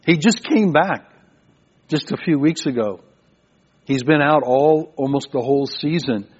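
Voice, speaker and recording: A man's voice: fairly high pitch, breathy edge. A man preaching a sermon, often stopping and repeating words as he goes. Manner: halting, repeats words as he speaks. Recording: dull lo-fi recording.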